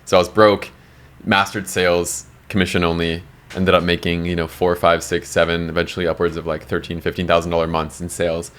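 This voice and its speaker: A man's voice: sits low, completely flat delivery, a little fast, a bit bright. A young adult man, a podcast guest, telling a story casually and bluntly, swearing freely and acting out quotes.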